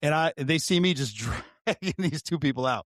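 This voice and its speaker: A man's voice: on the high side, moderate pace, no echo, clean studio sound. A man, a retired deputy co-hosting a podcast, telling a story in casual chat. He swears freely, talks animatedly and often restarts his sentences. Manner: profane, animated, frequent restarts.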